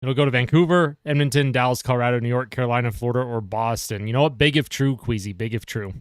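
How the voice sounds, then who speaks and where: A man's voice: medium pitch, fast, clean tone, no room sound, clean studio sound. A man casually commenting on a hockey game on a live stream, reading and answering viewer chat. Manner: chatty, reads chat aloud and answers viewers.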